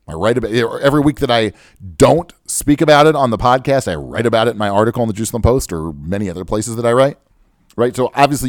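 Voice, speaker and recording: A man's voice: medium pitch, no room sound, studio quality. A man hosting a podcast, talking off the cuff in a sarcastic, self-mocking way about money. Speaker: podcast host. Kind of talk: unscripted podcast monologue.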